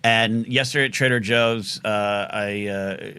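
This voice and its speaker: A man's voice: fairly low pitch, fairly even intonation, measured pace, bright, forceful tone, smooth. A man hosting a live call-in show, rambling and joking in a casual talk-radio manner, his throat catching now and then. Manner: rambling, joking, self-mocking. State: throat catching after choking on a chip.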